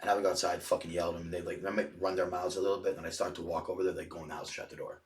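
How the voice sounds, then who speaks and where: Deep-voiced man telling rambling, profane stories. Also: flat delivery, rapid-fire, far from the mic, slight background noise. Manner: rambling, heavy swearing. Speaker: podcast guest. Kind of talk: casual storytelling. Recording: echoey room, off-mic.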